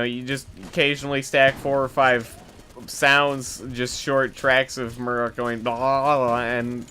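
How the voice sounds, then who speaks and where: A man's voice: medium pitch, bright, forceful tone. A young man talks over his gameplay in a loose, meandering way, drifting into side stories and poking fun at himself. He curses freely and keeps coming back to the game between tangents. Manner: rambling, self-deprecating, swears a lot. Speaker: let's play commentator. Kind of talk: casual gameplay commentary.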